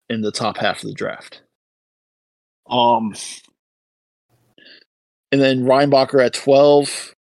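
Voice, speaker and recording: A man's voice: medium pitch, vocal fry, dry recording, poor audio. A man co-hosting a casual hockey podcast, reading out listener posts and weighing trades in detail. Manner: reads listener posts, analytical. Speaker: podcast co-host. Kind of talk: casual sports podcast chat.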